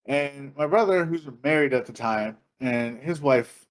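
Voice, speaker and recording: A man's voice: medium pitch, unhurried. A man on a podcast telling a long story in a casual, profane, laughing way. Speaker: podcast co-host.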